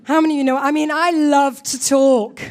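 Talking a little fast, a woman preacher with a very high voice delivers an animated, forceful sermon. She performs her own quoted thoughts aloud and frequently calls out questions to those gathered.

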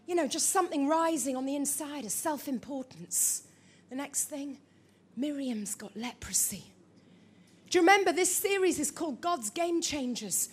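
Woman preacher, very high voice, lively storytelling sermon, engages the congregation. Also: moderate pace. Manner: storytelling, animated, calls out to congregation.

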